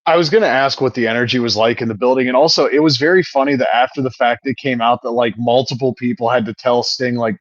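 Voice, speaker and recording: A man hosting a podcast in casual chat, telling stories in an animated, profane way. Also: medium pitch, fast, few pauses, no echo, muffled recording. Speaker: podcast host.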